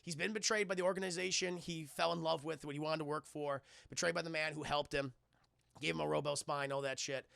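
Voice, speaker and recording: A man streaming a casual film recap, animated and profane, often addressing his chat. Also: a little high, fairly quick, creaky, clean tone, no echo, studio quality.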